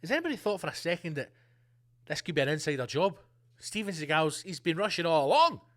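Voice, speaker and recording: Male comedy podcast host, high-voiced, loud and profane ranting. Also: sing-song, fast talker. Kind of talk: comedic rant.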